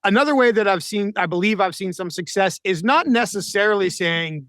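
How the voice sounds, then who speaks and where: High-voiced male podcast host, crisp. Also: expressive, fairly quick, few pauses, a bit bright, no room sound. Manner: reflective, hedging with "I feel like". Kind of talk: podcast interview, conversational. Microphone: remote call with a mute button.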